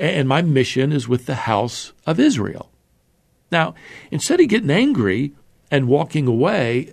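A man's voice: medium pitch, gravelly, darkish tone. A man teaching through a Bible passage verse by verse in a conversational, explanatory way, with fillers and restarts.

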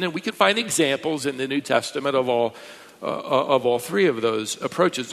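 A man preaching a verse-by-verse sermon as a pastor, emphatic, pushing his pitch and volume up to stress points. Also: vocal fry, fairly bright tone. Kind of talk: expository sermon. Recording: long reverb of a large hall.

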